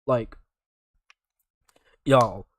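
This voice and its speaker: A man's voice: mid-range voice, extremely slow. A young man from North Carolina, streaming and commenting casually in a rambling, filler-heavy way. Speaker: streamer reacting to videos. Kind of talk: casual live-stream chat.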